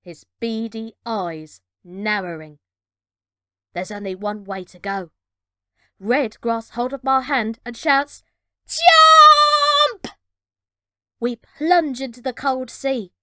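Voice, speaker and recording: A woman reading a children's adventure storybook aloud with measured, dramatic narration. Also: a little high, no echo, studio quality.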